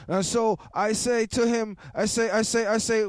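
A man's voice: sits high, fairly even intonation, normal speed, few pauses, dry recording, clean studio sound. A man, hosting a radio show and telling a story with rambling, stammering repetitions. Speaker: radio host. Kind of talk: storytelling to listeners.

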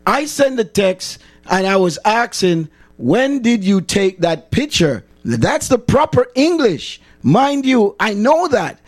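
A man with a Jamaican accent and a fairly high voice, speaking in a casual livestream monologue. He is a middle-aged chaplain who repeats key phrases for emphasis and drifts into patois as he talks. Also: big pitch swings, slow, hardly any pauses. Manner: repetitive, emphatic, slips into patois.

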